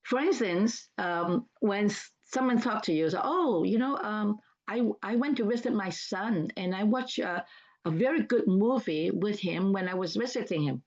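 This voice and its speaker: A woman's voice: mid-range voice, expressive, normal speed, a little mellow, muffled recording. An older woman giving a casual seminar talk, chatty and repetitive, acting out example dialogues. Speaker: seminar speaker.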